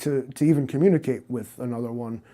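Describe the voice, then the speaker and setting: A man's voice: mid-range voice, quick pace, mellow. A man playing a skeptical interrogator in an improvised comedy scene, questioning hesitantly.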